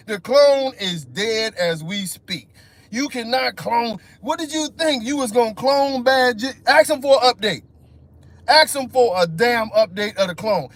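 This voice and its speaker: A man hosting a live stream, ranting in a profane, mocking way. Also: sits high. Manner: profane, mocking, animated rant. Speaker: livestream host.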